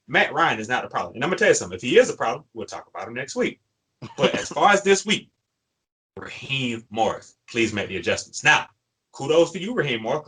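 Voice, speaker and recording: Worked-up man, emphatic fan rant, bright sharp tone, husky edge. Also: medium pitch, poor audio. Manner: emphatic, ranting, repeats phrases. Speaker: sports podcast co-host. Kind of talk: fired-up fan commentary.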